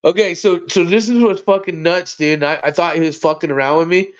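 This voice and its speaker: High-voiced guy rambling and cussing on a live stream, kinda dull lo-fi sound. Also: a little fast. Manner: rambling, profane, animated. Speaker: livestream host. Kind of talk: casual livestream chat.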